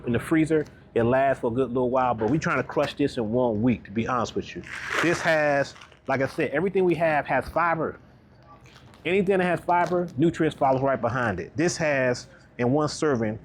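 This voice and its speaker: A wellness coach narrates his shopping in a casual vlog, walking grocery store aisles in an upbeat, chatty way and checking in with a quick "right?" His voice sits at medium pitch, with a little hiss or hum in the recording.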